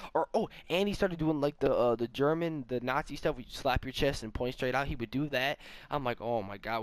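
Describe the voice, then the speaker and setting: A young man casually telling a rambling, animated story while gaming, full of fillers and asides. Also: medium pitch, dry recording. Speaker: vlogger.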